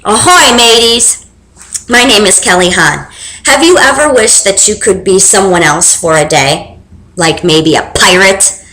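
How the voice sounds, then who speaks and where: A young woman reading a children's book aloud with expressive, animated storytelling. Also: mid-range voice, a little slow, slight background noise. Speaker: reader. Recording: roomy echo.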